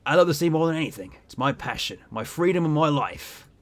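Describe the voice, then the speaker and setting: A man reading as a gruff old sea captain. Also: on the high side, expressive, natural voice. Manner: slow, heavy storytelling read-aloud.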